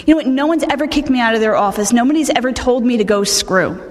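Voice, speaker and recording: A woman's voice: fairly high pitch, expressive, quick pace. A woman giving a personal recovery testimony, speaking candidly and conversationally, often restarting her sentences. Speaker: speaker sharing a recovery story. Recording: long reverb of a large hall.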